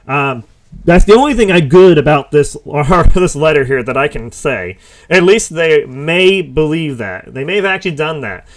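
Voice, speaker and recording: A man with a slightly higher voice reads legal documents aloud for his commentary channel. He keeps stopping to react in a casual, heated way and laughs now and then. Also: animated, moderate pace. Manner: informal, stops to react and laugh, gets heated. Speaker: commentary host. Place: home or office.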